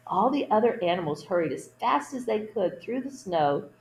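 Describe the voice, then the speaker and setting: Woman storytime reader, picture-book read-aloud, gentle asides to children. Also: medium pitch, sing-song, moderate pace, roomy sound, a little hiss or hum, poor audio. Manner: gentle asides to young listeners.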